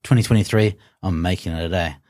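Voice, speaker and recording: A man's voice: sits low, fast talker, dry recording, clean studio sound. Swearing strongman. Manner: animated, swears often, acts out his own past thoughts. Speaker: guest, strongman athlete. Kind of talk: casual interview storytelling.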